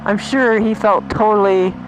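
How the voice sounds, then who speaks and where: A woman's voice: medium pitch, fairly even intonation, a little slow. A woman vlogger chatting indignantly while riding a motorcycle on the road, in a casual rant. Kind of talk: ranting casual monologue. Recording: loud road and engine noise.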